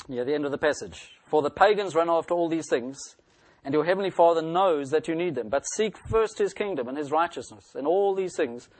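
Male preacher, earnest sermon, voice pitched a bit high, dry close recording. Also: a little mellow, no room sound. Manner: earnest preaching, voice rising to read scripture aloud.

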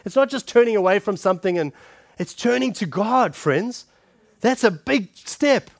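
A man preaching a sermon, calling his listeners friends and shifting between forceful punches and hushed scripture reading. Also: high voice, animated, normal speed, gravelly, dry recording, studio quality. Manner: emphatic, addresses the congregation directly as friends.

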